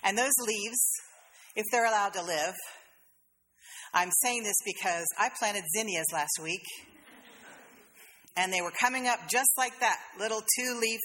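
A woman's voice: mid-range voice, measured pace, pauses often, bright, forceful tone, long reverb tail, slight background noise. A woman pastor, preaching a sermon in a conversational, storytelling way with playful asides. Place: church sanctuary.

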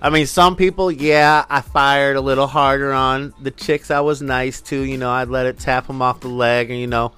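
A man from Minnesota in the US Midwest hosts a casual solo podcast, rambling loosely and profanely. His medium-pitched voice is clean and fairly bright, with fairly even intonation and a moderate pace with few pauses.

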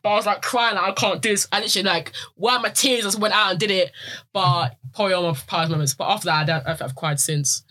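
A young woman, a wrestler guest chatting casually on a podcast, full of fillers and quick asides. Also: mid-range voice, pushed and bright. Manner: fast and chatty, lots of fillers.

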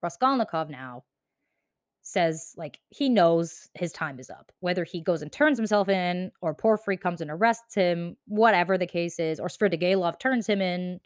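A woman's voice: fairly low pitch, animated, normal speed, no echo, studio quality. A young woman casually summarizing a novel, chatty and profane, with lots of "like.". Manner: chatty, profane, says "like" often. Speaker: book explainer.

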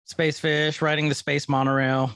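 A man's voice: on the high side, level tone, moderate pace, fairly bright tone, smooth, no room sound, clean studio sound. A man co-hosting a casual podcast, chatting and joking as he recaps an episode. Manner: playful, jokey, retells scenes. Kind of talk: casual chat.

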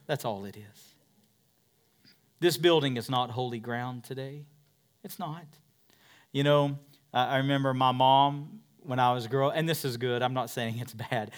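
A man preaching a sermon as pastor of a church, dropping to whispers and rising to loud peaks. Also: mid-range voice, a little slow. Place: church in a converted warehouse.

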